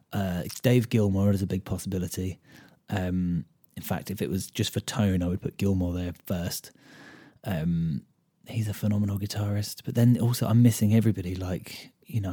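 A British man with a low, dark, slightly husky voice talks through a guitar lesson on his own podcast. He is relaxed and unscripted, thinks out loud with plenty of ums, and counts beats aloud as he goes. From United Kingdom. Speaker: podcast host and guitar teacher. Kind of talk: casual solo podcast lesson.

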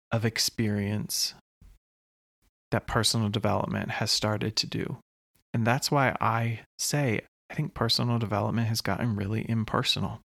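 A man hosting his own podcast, talking slowly and earnestly in a reflective solo monologue with long pauses. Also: on the low side, gravelly, a bit bright, no echo, studio quality. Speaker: podcast host.

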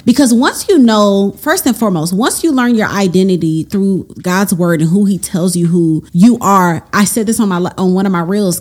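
A woman's voice: medium pitch, a little mellow. A young woman hosting a faith-based girl talk monologue to camera, emphatic and preachy, calling her listeners y'all. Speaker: host.

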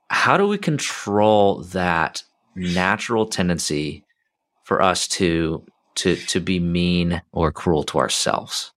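A male podcast host who talks in a halting way, repeating words as he thinks aloud. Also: low voice, a bit bright. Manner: halting, repeats words while searching for them. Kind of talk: casual interview chat.

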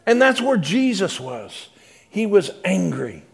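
Male pastor, sermon delivery, slightly raised pitch, conversational with soft-to-emphatic swings. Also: big pitch swings, takes it slowly, vocal fry.

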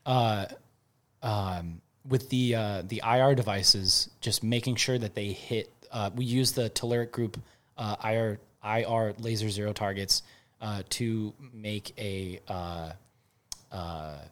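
A man's voice: fairly low pitch, slow. A young man, a firearms instructor, telling stories in a casual podcast chat, swearing freely and laughing. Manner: profane, animated storytelling with swearing and laughter. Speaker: firearms instructor and company co-founder.

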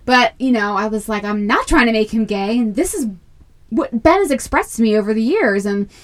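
A middle-aged woman and podcast co-host telling a family story in a casual chat, animated as she acts out what people said. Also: a little high, brisk.

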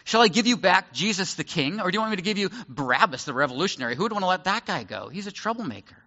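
Pilate, a preacher voicing an exasperated governor. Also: male voice, high-pitched, big pitch swings, rapid-fire, bright, forceful tone, pitched above the performer's own voice, heavily acted. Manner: retelling a Bible scene in plain speech. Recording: echoey hall, slightly dull sound.

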